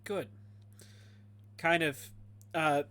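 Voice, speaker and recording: A man's voice: a little high, fairly even intonation, fairly bright tone, slight background noise. A man playing a tabletop role-playing game, rambling and joking as he describes his character's actions. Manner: rambling, joking, slow bits of in-character mumbling. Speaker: player. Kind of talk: casual tabletop role-play.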